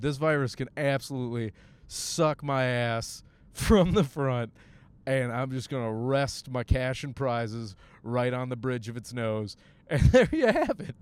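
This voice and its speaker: A young man from Michigan, a stand-up comic hosting his own podcast, rambling crude jokes in casual talk while riding a bus. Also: smooth. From Michigan, USA. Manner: crude, jokey, animated with sudden high-pitched bits.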